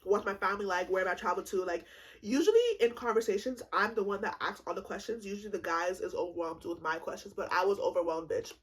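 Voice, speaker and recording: A woman in her twenties telling a comedic storytime, animated and swearing freely, laughing often. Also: medium pitch, quick pace, breathy edge, rough recording. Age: 20s. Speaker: vlogger.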